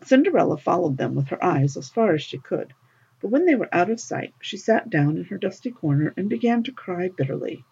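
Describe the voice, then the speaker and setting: A woman narrating a fairy tale in an expressive, lilting storybook reading, on a dull lo-fi recording. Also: lowish voice, brisk, vocal fry, breathy edge.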